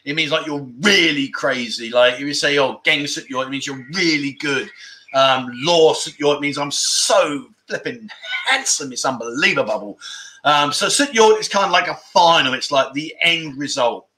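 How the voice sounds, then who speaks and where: Guy doing a laid-back livestream, bright sharp voice, bit higher pitched, keeps laughing at the chat. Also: moderate pace, a little hiss or hum. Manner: laughs often, jokey banter with chat. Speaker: livestream host. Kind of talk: casual livestream chat reading viewer comments. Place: room at home with aircon.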